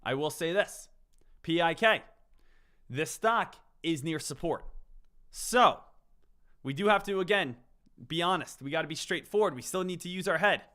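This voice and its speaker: A man's voice: fairly high pitch, lively intonation, moderate pace, long pauses, sharp tone. A man hosting a live trading stream, chatting casually and answering his viewers, often repeating the word "again.".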